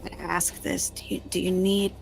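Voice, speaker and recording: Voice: mid-range voice, level tone, normal speed, creaky, soft background music, poor audio. A hesitant player in a tabletop role-play game, describing a character's actions.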